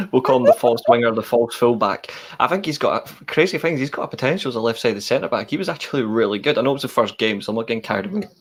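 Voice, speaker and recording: A man's voice: medium pitch, lively intonation, fast talker, hardly any pauses, breathy edge. A man, co-hosting a football watchalong and talking casually, rambling through his opinionated analysis with restarts. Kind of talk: casual live-stream chat.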